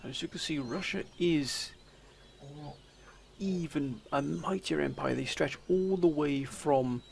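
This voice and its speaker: A man commentating his strategy game, theatrically addressing viewers as sir and gentlemen. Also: on the high side, takes it slowly, creaky. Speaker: let's play commentator.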